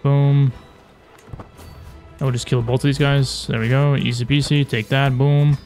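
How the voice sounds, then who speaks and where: A young man casually commentating his strategy game, animated and taunting, swearing as he plays. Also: medium pitch, a little slow, faint music behind. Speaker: gaming YouTuber.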